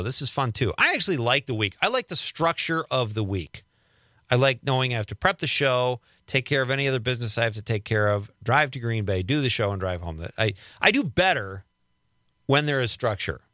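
Male radio host, bright lively delivery, chatty and self-mocking, dry studio mic. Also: mid-range voice, a little fast, no room sound. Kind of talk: casual radio chat. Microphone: studio microphone.

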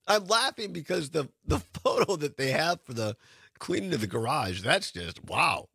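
A male radio talk show host with a lively, bouncing delivery, laughing easily between lines. His voice is bright and a little husky, recorded dry and close in a studio. He chats casually. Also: on the high side, moderate pace, no echo. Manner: laughs often, chatty and animated. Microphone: studio microphone.

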